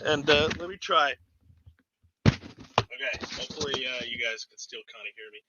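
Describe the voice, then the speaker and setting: Speaking into a desk microphone, a man runs a relaxed live stream from his hobby room, chatting easily and laughing a lot. His mid-range voice moves at a normal speed. The slightly dull, lo-fi recording carries heavy background noise.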